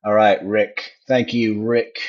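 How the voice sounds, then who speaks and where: A man with a low, slightly husky voice chats casually with his livestream viewers, taking his time. His delivery is relaxed and unhurried, and the audio is dull and lo-fi. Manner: relaxed, chatty, addressing viewers by name. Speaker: livestream host. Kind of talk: casual stream sign-off.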